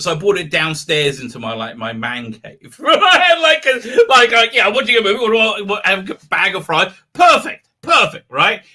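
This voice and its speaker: A man with a high-pitched, sharp-toned voice hosts a livestream, chatting casually. He rambles, restarts often, and breaks into laughter mid-sentence.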